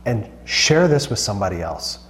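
A man's voice: lowish voice, big pitch swings, moderate pace, fairly bright tone, slight background noise. A man co-hosting a Christian talk show, earnest and reflective, often restarting his sentences. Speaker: co-host.

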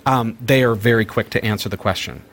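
A man's voice: fairly low pitch, fairly quick, a bit bright. A man hosting a casual chat, talking in an upbeat, chatty way and often restarting his sentences as he demonstrates gadgets. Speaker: host demonstrating smart speakers.

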